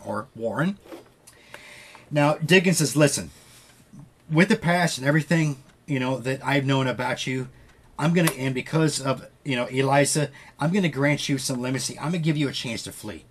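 A man's voice: a little high, normal speed, breathy edge. A man hosting a podcast, casually retelling a story with loose quoted dialogue and frequent swearing. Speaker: podcast host.

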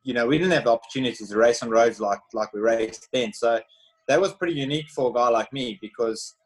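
A man's voice: medium pitch, quick pace, rough recording. South african guy in his thirties chatting loosely, lots of "like" and "you know". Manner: relaxed storytelling, many fillers. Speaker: former pro cyclist, podcast guest. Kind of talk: casual chat.

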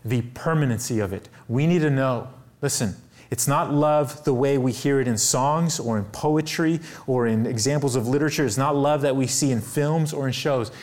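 A man's voice: mid-range voice, normal speed, a little mellow. Earnest male pastor preaching a sermon. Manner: earnest, building to raised emphatic peaks, often saying "listen".

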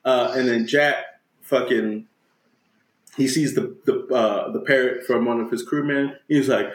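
A man's voice: mid-range voice, fairly even intonation, a little slow, roomy sound. A man casually recapping a movie plot, swearing freely and acting out lines in slang. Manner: profane, slangy retelling with acted-out quotes. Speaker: podcast co-host.

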